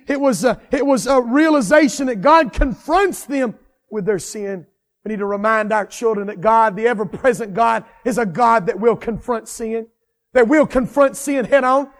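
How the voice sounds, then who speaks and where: A man preaching a sermon with fervent, repetitive cadences that swell into shouts. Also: extremely high pitch, big-room sound.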